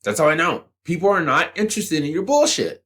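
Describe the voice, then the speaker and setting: Male channel host, profane motivational monologue, confrontational, animated pitch. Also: fairly quick. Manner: blunt, combative, swears freely. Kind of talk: profane motivational rant to camera.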